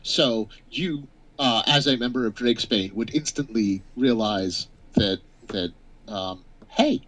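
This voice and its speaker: A man narrating as game master of a tabletop game, halting and full of fillers. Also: fairly low pitch, fairly bright tone, low-quality recording.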